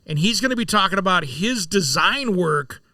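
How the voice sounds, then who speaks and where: A man's voice: high voice, lively intonation, pushed and bright, no room sound, far from the mic. A man hosting a home improvement radio show from the studio, chatting in an upbeat, casual way. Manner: upbeat, chatty, quick to laugh.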